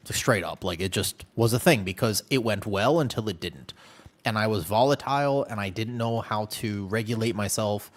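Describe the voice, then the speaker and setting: A man livestreaming a game, chatting candidly and telling animated stories with playful exaggeration. He is from the United States. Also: fairly low pitch. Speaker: game streamer. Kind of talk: casual livestream chat while gaming.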